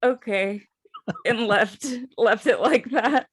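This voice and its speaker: A woman's voice: fairly low pitch, fairly even intonation, unhurried. Chatty woman host sharing spooky stories. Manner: chatty, laughs while telling stories. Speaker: podcast host. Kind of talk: casual chat.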